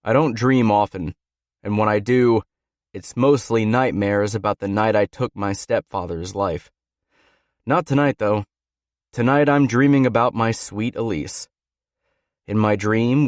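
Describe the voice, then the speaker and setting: A man's voice: on the low side, no echo, studio quality. Brooding male audiobook narrator. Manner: brooding, intense. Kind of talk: scripted first-person narration.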